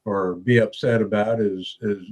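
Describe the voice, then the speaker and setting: A man as a guest on a podcast, explaining his views in a measured, earnest way. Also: fairly low pitch, steady tone, darkish tone. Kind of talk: podcast conversation.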